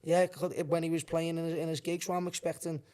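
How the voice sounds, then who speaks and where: A Liverpool man tells a long, sweary story, hopping from one bit to the next. His voice sits high for a man. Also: fast talker, smooth. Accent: Liverpool (Scouse). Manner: swears freely, rambling animated anecdotes. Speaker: guest, band singer. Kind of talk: casual storytelling.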